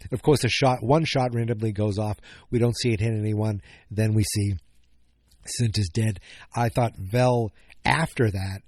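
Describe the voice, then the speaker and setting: A man's voice: on the low side, fairly even intonation, unhurried, a little mellow, no room sound. A man hosting a podcast, recapping an episode in a casual, rambling way, often correcting himself and cracking jokes. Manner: rambling, self-correcting, jokey. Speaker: podcast host.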